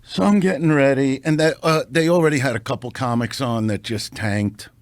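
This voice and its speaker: A man, a comedian guest on a podcast, telling a showbiz story in a brash, profane, animated way, building to punchlines on a close studio mic. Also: mid-range voice, normal speed, no room sound.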